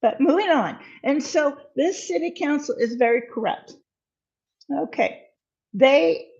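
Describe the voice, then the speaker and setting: A woman's voice: fairly high pitch, darkish tone. A woman hosting a casual livestream from her home kitchen, chatting in a rambling way with many fillers while she bakes. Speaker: livestream host. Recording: dull lo-fi sound.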